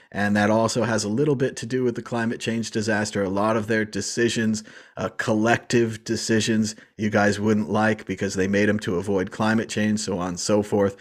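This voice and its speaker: A man hosting a casual panel chat, wry and emphatic, repeating his points. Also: fairly low pitch. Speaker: show host.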